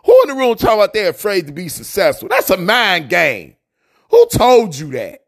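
A man preaching a motivational message on the radio. His voice sits high and swings widely in pitch as he builds a fiery, repetitive preacher cadence. His speech is loose and slangy, and he keeps calling the audience family. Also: big pitch swings, normal speed, gravelly, slightly rough. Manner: repeats key lines for emphasis.

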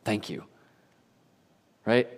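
A young adult man preaching a sermon as a pastor, telling stories animatedly with casual slang. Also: drawn-out words. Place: church sanctuary. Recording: long reverb of a church hall.

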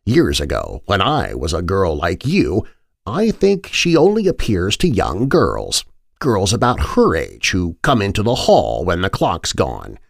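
A man's voice: low voice, wildly swooping pitch, measured pace, gravelly, no room sound, clean studio sound, full character voice. A man voicing an older woman servant telling an old story. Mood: reminiscing.

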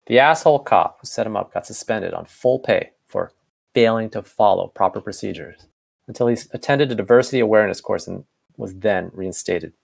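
Reading fanfiction aloud in a relaxed way, this co-reader handles narration and dialogue alike, stumbling slightly and correcting himself now and then. He speaks a little fast, in a lowish voice with vocal fry.

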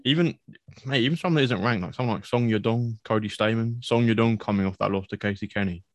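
A man's voice: medium pitch, quick pace, no room sound. A man co-hosting a podcast, chatting enthusiastically about fighters and saying "mate" a lot. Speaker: podcast co-host. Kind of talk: casual MMA fight recap.

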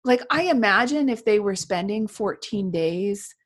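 A woman speaking in an earnest, reflective way in a casual conversation, with soft laughs. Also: mid-range voice, animated, measured pace.

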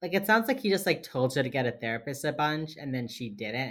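Woman, very deep voice, casual podcast co-host, swears a lot, acts out scenes. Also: sing-song, fairly bright tone. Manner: casual, swears freely, retells scenes in quick quoted bits. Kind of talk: casual podcast chat recapping a TV episode.

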